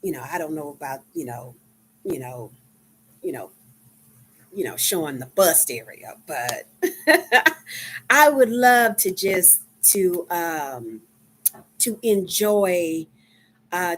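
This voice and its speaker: A woman in her fifties from Dallas with a Texan accent, chatting casually with viewers on a live stream, unhurried and full of ums. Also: lowish voice, animated, a bit bright, husky. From Dallas, Texas. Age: 50s. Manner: slow, chatty, many ums.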